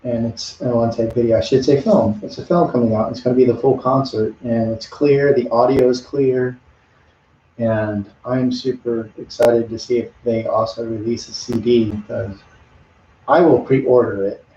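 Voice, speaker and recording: A man's voice: mid-range voice, steady tone, moderate pace, warm tone, slight background noise. Chatty man painting live, echoey room. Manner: rambling, chatty, talks to viewers between brushstrokes. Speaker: artist streaming a live painting demo. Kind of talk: casual live-stream chat while painting. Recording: dull lo-fi audio in an echoey room.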